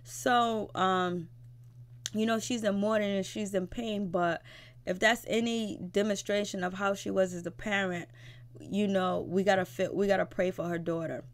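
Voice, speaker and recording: A woman's voice: medium pitch, fairly even intonation, normal speed. A woman casually recapping a reality show episode in a slangy, chatty way. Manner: slangy, chatty, frequent fillers.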